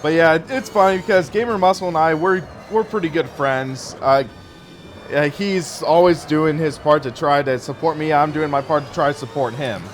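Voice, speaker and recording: A sim racing streamer in his early twenties gives rambling, chatty commentary as he plays a racing game live and thanks his viewers. His voice is a little high at a normal speed, with slight hiss or hum.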